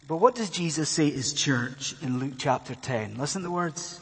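Male preacher, high and slightly husky, earnest sermon delivery building to fervor, recorded in a reverberant church hall. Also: animated, moderate pace, hardly any pauses. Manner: earnest, rising to fervent emphasis with rhetorical questions. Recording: long reverb of a large hall.

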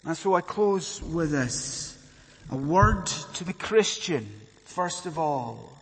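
A man's voice: a little high, expressive, takes it slowly, husky. A male preacher delivering an earnest evening sermon, rising to fervent emphasis with rhetorical questions to the congregation. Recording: long reverb of a large hall.

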